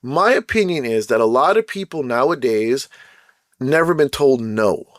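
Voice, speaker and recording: Slangy, animated man telling a story. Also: mid-range voice, normal speed, dry recording, clean studio sound. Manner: animated, slangy, acts out quoted people. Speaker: podcast host. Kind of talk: casual storytelling commentary.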